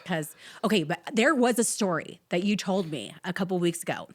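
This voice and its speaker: A woman's voice: lowish voice, expressive, a little fast. A woman hosting a casual podcast, chiming in supportively with short agreements and opinions. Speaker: podcast host. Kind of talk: casual chat.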